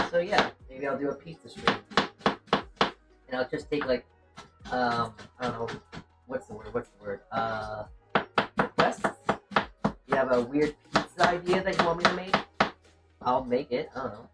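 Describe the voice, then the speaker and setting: A streamer cooking in a home kitchen, chatting casually to viewers and to themself while reading chat. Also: mid-range voice. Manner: rambling, chatty, talks to self and chat. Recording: distant mic with music behind.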